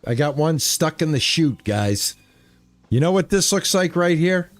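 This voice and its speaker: Playing a farming game, a man streams and chats with his live chat in a relaxed, rambling, easygoing manner. His voice is fairly high and animated, a little slow. Soft music plays behind him and there's no echo.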